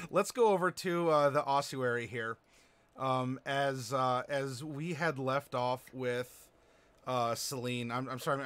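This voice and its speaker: A man running a streamed tabletop game as game master, chatty and halting with lots of fillers. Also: medium pitch, fairly bright tone. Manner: chatty, halting, many fillers, laughs easily.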